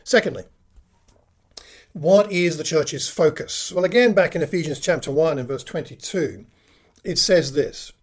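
A man preaching a sermon, teaching from scripture with measured emphasis and many rhetorical questions. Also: fairly high pitch. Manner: measured, slows to stress key phrases, rhetorical questions.

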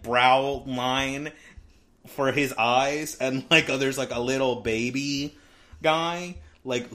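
A man's voice: on the high side, fairly bright tone. A man in casual conversation, retelling scenes from a book with frequent fillers and small laughs.

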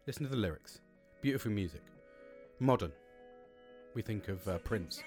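A man's voice: fairly low pitch, lively intonation, moderate pace, pauses often, over music. A British man hosting a solo podcast, rambling and upbeat, swearing freely between fillers and restarts. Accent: British English. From Britain. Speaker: podcast host. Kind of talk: casual solo podcast chat.

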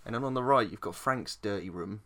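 An English man co-hosting a podcast, chatting casually about a film, sweary, animated and laughing often. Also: lowish voice, fairly quick. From England. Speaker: podcast co-host.

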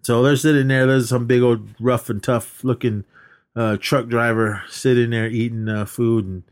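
A man's voice: mid-range voice, steady tone, normal speed. Rambling man recapping a movie. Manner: rambling retelling with quoted lines and laughs. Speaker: podcast co-host. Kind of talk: casual movie recap chat.

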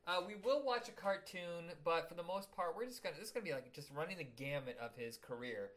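Podcast host guy, kinda high voice, crude jokes, rambly. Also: expressive, fast talker, fairly bright tone. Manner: jokey, rambling, crude humor. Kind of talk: casual chat.

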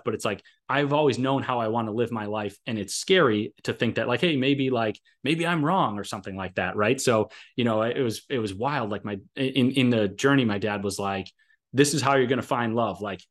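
A man talking casually on a podcast, rambling with lots of fillers and restarts while he shares a personal experience. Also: medium pitch.

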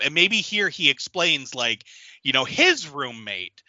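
A man in casual brainstorming chat, animated and quick to jump into character voices. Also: dry recording, highs cut off. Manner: animated, jumps into high-pitched character voices. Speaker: co-writer planning a horror story.

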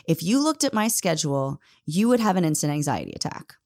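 A woman in her thirties delivers a heartfelt motivational talk, calling her listeners "guys" as she speaks. Her voice sits on the lower side for a woman, and she leans hard on key words with earnest conviction. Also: very animated, fairly quick, darkish tone.

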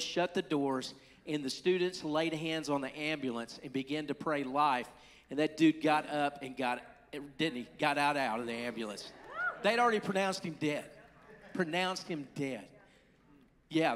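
A man preaches to his congregation in a relaxed, conversational way, with quick asides and self-corrections. His voice sits a little high for a man. A long reverb from a large hall trails behind his words. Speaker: pastor. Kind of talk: sermon.

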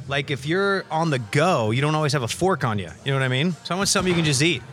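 A man's voice: a little high, expressive, fast talker, fairly bright tone, soft background music. A man who is a parent and a guest podcaster chatting playfully about food at a restaurant. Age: adult parent. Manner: playful, jokey. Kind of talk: casual chat. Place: restaurant on location.

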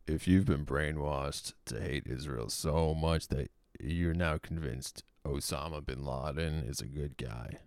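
A man's voice: a bass voice, unhurried, gravelly, hardly any pauses, a little mellow, no room sound, clean studio sound. A man delivering a sarcastic, opinionated commentary monologue with mocking, profane asides. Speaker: political commentator.

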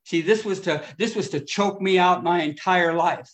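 Middle-aged man, fairly high voice, giving a heartfelt recovery talk with big swings in volume. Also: normal speed. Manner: emotional, swinging between loud and hushed. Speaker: recovery speaker. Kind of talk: AA share storytelling.

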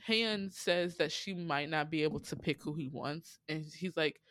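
A woman casually recapping a dating show on a podcast, animated, laughing and playfully exasperated as she tells it. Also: low voice, normal speed, slight background noise. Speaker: podcast host.

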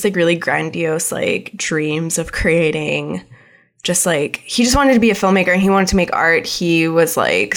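A woman's voice: on the low side, fairly bright tone. A young adult woman co-hosting a casual chat, talking loosely with many fillers and frequent laughter. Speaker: podcast co-host.

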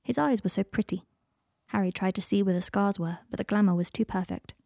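A woman narrating fiction aloud in a soft, even voice, dropping to whispers on speech tags. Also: medium pitch, brisk, vocal fry, no echo, clean studio sound. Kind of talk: audiobook fiction reading.

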